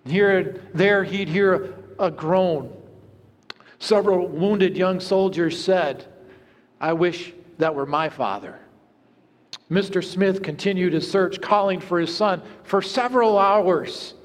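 High-voiced pastor preaching in a reverberant church. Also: male voice, slow. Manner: earnest, storytelling with hushed low moments. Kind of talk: sermon. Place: church sanctuary.

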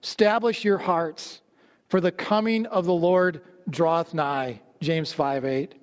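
A man preaching a sermon, telling stories and dropping low and slow to stress his points. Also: fairly even intonation, clear, resonant tone. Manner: storytelling, drops low and slow for emphasis. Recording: long hall reverb.

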